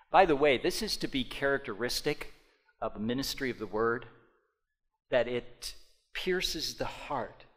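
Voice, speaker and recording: A man preaching a sermon as pastor, speaking directly to the congregation and swinging from quiet asides to loud emphatic passages. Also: mid-range voice. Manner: addresses congregation directly with repeated "okay?".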